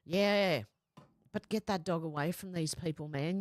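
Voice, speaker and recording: A woman's voice: on the low side, a little slow, no echo, clean studio sound. A woman hosting a livestream in casual chat, reading viewer comments aloud and answering them, often laughing. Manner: reads comments aloud and chats back, often breaking into laughter.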